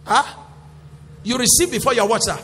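A male pastor preaching a sermon in call-and-response style, rising to shouts. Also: very high voice, fairly quick. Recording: echoey hall with faint music.

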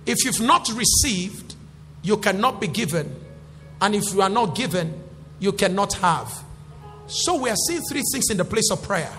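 High, animated preaching man in a hall. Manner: call-and-response preaching, rising to shouts. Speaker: pastor. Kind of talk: sermon. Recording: echoey hall with faint music.

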